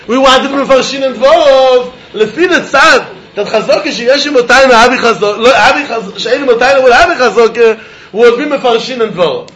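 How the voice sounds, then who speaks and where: A man giving an animated Talmud lesson, asking and answering questions as he works through the text. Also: extremely high pitch, echoey room, slight background noise, low-quality recording. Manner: animated, questioning, mixing Yiddish and Hebrew terms. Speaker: Talmud teacher.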